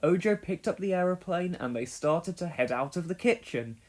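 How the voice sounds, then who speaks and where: A woman narrating a children's storybook aloud with expressive storytelling. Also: on the low side, normal speed. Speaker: storybook reader.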